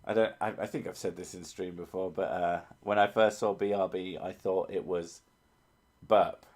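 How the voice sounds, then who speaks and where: Low-voiced joking, profane male streamer. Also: fairly even intonation, a little fast, darkish tone. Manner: profane, joking, easily sidetracked. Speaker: livestream host reading chat. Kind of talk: casual livestream chat.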